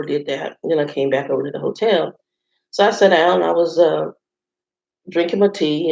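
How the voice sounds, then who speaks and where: A woman's voice: sits low, gravelly, a little mellow. A woman vlogger in a hotel room, chatting to viewers in a rambling, casual storytelling way and calling them y'all. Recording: roomy, slightly dull sound.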